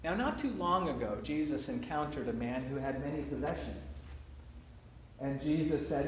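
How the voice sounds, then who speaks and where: A man preaching a sermon with a slightly higher-pitched voice, reflective and personal as he tells the story. His voice rings in a reverberant room with faint background noise. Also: expressive, moderate pace.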